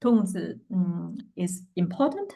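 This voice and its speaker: A woman's voice: fairly low pitch, very animated, slow, creaky, mellow, poor audio. A Mandarin teacher, a woman with a Chinese accent, explaining tones in English with many hesitations and Chinese fillers. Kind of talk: casual online language lesson.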